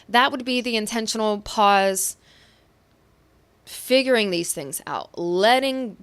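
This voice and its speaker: A young woman talks through a pick-a-card tarot reading in a gentle, reassuring way. She sounds affectionate and shares what she senses as she goes. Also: fairly high pitch, clean tone. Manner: intuitive, says what she hears or feels. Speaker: tarot reader.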